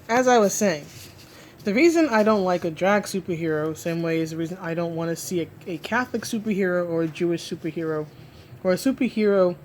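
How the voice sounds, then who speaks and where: A woman's voice: on the low side, darkish tone, slight background noise. A woman giving an emphatic solo rant about comics, restarting and repeating herself often as she argues her point. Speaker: comic book commentator.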